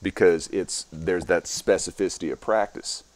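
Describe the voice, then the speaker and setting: A man's voice: sits low, normal speed. A middle-aged strongman guest talking casually in an interview, explaining his methods step by step as he demonstrates.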